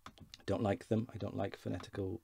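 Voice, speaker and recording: A man giving an informal beginner language lesson, slowly modelling words for learners to repeat. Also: lowish voice, level tone, gravelly, mellow, a little hiss or hum. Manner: slow, careful pronunciation drills. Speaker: Welsh language teacher.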